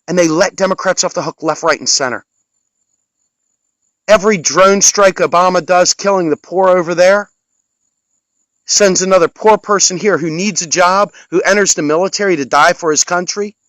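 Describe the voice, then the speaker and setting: A man's voice: sits high, normal speed, fairly bright tone, no echo, low-quality recording. Fiery, scolding man on a dry mic. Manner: angry, sarcastic and scolding. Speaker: political commentator. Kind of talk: impassioned political rant.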